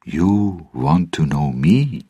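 A man voicing a mysterious, amused female seer in a storybook reading, speaking slowly in a soft, whispery way. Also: rumbling low, lively intonation, slightly rough, no echo, clean studio sound, full character voice. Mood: knowing.

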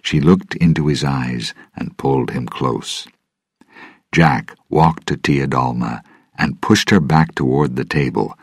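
A man narrating a storybook in a measured, even reading. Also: extremely low pitch, husky, dry recording, studio quality.

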